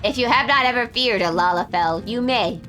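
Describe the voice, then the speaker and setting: Playful woman gaming on stream, bright voice, jokey and self-mocking. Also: a little high, normal speed, soft background music. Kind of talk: casual gaming stream chat.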